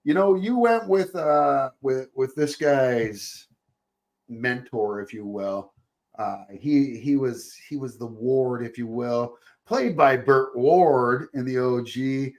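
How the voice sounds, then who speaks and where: A man's voice: medium pitch, slow pace, a little mellow. Jokey, rambling male podcast host. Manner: jokey, laughs often, rambling. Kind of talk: casual chat.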